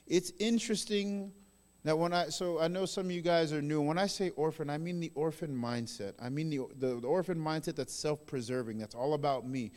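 A male pastor in his thirties preaching a sermon, swinging between loud emphatic bursts and soft hushed phrases. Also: a little high, fairly quick. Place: large church hall. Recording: long reverb in a large hall.

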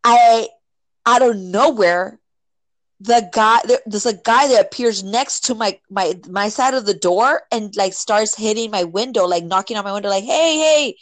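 A woman casually telling a personal story, filling it with "like" and "right?" and acting out quotes with sudden jumps in pitch. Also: normal speed, dry recording, rough recording. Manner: filler-heavy, many "like" and "right?".

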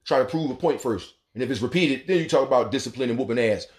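A man's voice: mid-range voice, fast talker. A man hosting a talk radio show, delivering a blunt, profane monologue and acting out the voices he quotes. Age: adult, has a son.

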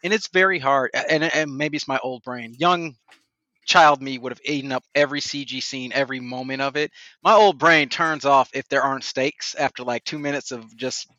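A man giving his opinions in casual podcast talk, measured and opinionated. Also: mid-range voice, steady tone, pushed and bright, no room sound, muffled recording. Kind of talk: casual movie discussion.

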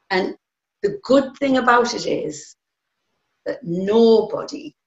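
An older woman with a North East English accent, recalling the past in an earnest, plain-spoken way with frequent hesitations. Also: medium pitch. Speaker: interviewee. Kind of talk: personal recollection. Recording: roomy, slightly dull recording.

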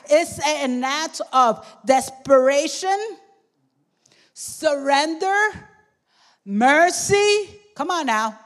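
A woman preaching a sermon with fervor, often calling out to her congregation and at times shouting. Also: high-pitched. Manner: fervent, calls out "come on" and "amen" to the congregation, sometimes shouting.

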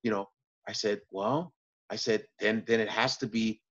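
A man, a comedian guest, telling stories in casual talk, profane and animated, jumping up in pitch when acting out moments. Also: moderate pace, dull audio. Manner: profane, animated retelling with bursts of high pitch. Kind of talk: casual storytelling.

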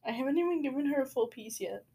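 A woman chatting casually with a friend, teasing him and arguing her point between giggles. Her voice is husky and a little high. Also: expressive, quick pace, mellow. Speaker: friend in conversation. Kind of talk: casual chat.

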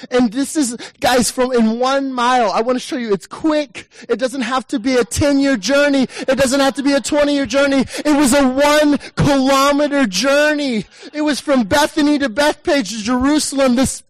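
A high-voiced man preaches a lively sermon to a church congregation, swinging into shouted lines as he plays the listener's inner thoughts. The sound is close and dry, with no room echo. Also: moderate pace, few pauses. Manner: animated, acts out the listener's inner voice, rising to shouts. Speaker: pastor.

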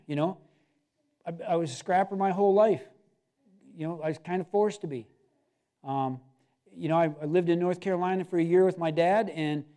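A man's voice: high-pitched, warm tone. A middle-aged man preaching a sermon in a loose, conversational way, with asides and restarts. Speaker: pastor.

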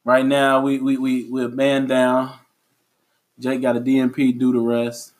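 A man hosts a casual podcast chat, easing through his points with fillers and restarts. His voice sits at an everyday middle pitch. He sounds unhurried. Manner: relaxed, drawn-out, many fillers and restarts. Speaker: podcast host.

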